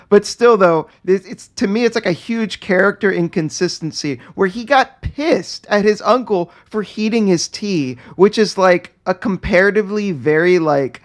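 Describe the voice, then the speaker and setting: A man chatting on a podcast, animated and swearing freely as he rants. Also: sits high. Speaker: podcast co-host. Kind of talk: casual podcast chat.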